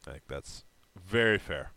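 Podcast co-host: man, extremely low voice with a bright edge, relaxed and agreeable. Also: a little slow, vocal fry. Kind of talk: casual sports chat.

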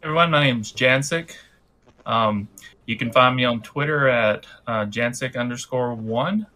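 A man player introducing himself on a game stream, relaxed and wry. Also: mid-range voice, unhurried, poor audio. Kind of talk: casual game-stream chat.

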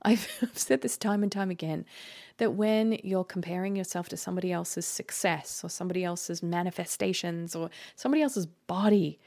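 An Australian woman talks through a motivational self-help podcast in an earnest, encouraging way, often breaking into a laugh. Her voice sits on the lower side with a mellow, unforced tone, and it turns gravelly and fried at the bottom of her phrases. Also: normal speed. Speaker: podcast host. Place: rented holiday flat.

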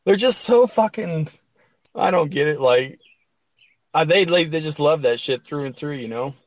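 A man hosting a crude, casual comedy podcast chat, now and then bursting into mock sports-announcer shouting. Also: a little high, expressive, moderate pace, dry recording. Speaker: podcast host.

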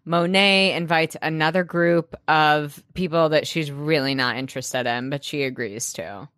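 A woman with a low voice co-hosts a casual podcast recap. She reacts emphatically, with drawn-out groans and quick agreement. The recording is close and dry. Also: a bit bright, clear, resonant tone, dry recording. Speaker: podcast co-host.

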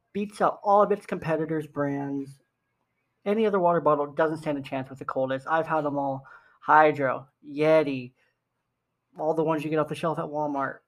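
A young man co-hosting a casual podcast, upbeat and joking about himself, doing the ad reads in a salesy way. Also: fairly high pitch. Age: young adult. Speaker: podcast co-host. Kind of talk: casual podcast chat and ad read.

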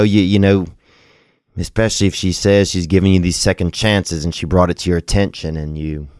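Call-in host, man, very low voice, dry close sound, loose and crude but caring. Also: a little mellow, no room sound. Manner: loose, rambling, crude jokes with sincere advice. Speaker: podcast host taking calls. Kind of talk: casual call-in show chat.

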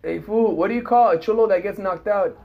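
A comedian in casual chat, teasing the others with profane slang. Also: male voice, high-pitched, fairly quick, creaky, phone-quality sound.

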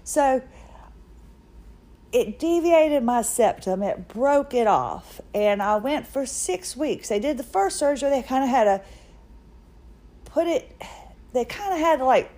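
A woman's voice: high voice, animated, measured pace, long pauses, dark tone. A middle-aged woman hosting a podcast, telling a personal story in a chatty, self-mocking way. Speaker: podcast host. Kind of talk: casual personal monologue.

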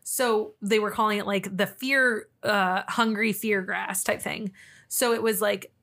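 A woman's voice: mid-range voice, fairly even intonation, unhurried, gravelly, a bit bright. A woman co-hosting a podcast, telling cryptid stories in casual chat, laughing often and restarting her sentences. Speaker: podcast co-host.

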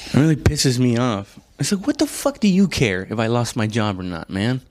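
A man's voice: medium pitch, sing-song, normal speed, darkish tone. A man doing a casual comedic monologue, rambling and profane, often stopping to correct himself and calling the listener "dude". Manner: laid-back, addresses listener as "dude".

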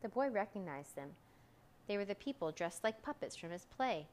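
Brief: woman narrator, calm and steady, middle pitch, storybook reading. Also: normal speed, a little hiss or hum. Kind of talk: reading a children's storybook aloud.

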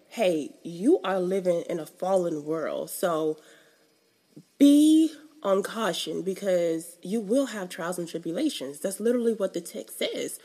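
A woman's voice: fairly low pitch, warm tone. A young woman giving a casual, emphatic devotional teaching in a conversational, colloquial way. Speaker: faith teacher.

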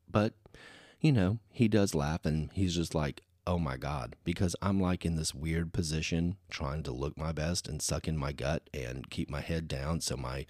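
On his solo podcast, a man chats casually in a rambling style packed with "you know." His pitch is extremely low and a touch mellow. The studio-quality audio has no room sound.

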